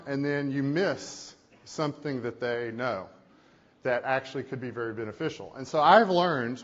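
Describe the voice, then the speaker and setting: A man who is a company CEO giving a keynote talk in a conference hall, with animated, conversational storytelling. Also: medium pitch. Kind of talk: keynote presentation. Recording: echoey hall, dull lo-fi sound.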